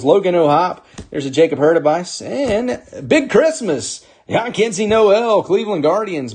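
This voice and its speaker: A man's voice: mid-range voice, a little mellow. A man hosting a live sports card break, upbeat as he calls out players and teams while opening packs.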